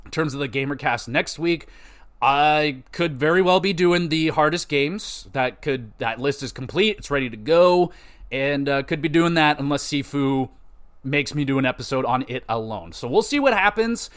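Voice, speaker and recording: A young man hosting a solo gaming podcast, talking loosely and excitably with a lot of swearing. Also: a little high, moderate pace. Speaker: podcast host. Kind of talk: casual solo podcast talk.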